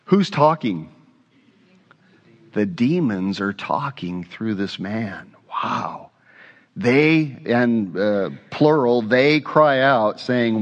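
A man's voice: on the low side, slow, big-room sound, dull audio. A man preaching an expository sermon as a pastor, conversational and often asking his congregation questions.

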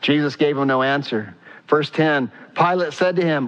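A pastor preaches a sermon at a moderate pace in a large hall, his bright, smooth voice captured on a muffled recording. Emphatic and fervent, he rises to a high pitch at key points and puts direct questions to his congregation.

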